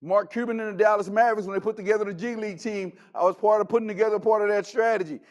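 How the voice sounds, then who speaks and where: A man's voice: sits high, fairly even intonation, rapid-fire. A man giving a motivational keynote, telling stories dramatically and acting out the dialogue. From Texas. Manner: dramatic, acts out dialogue, emphatic. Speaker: keynote speaker.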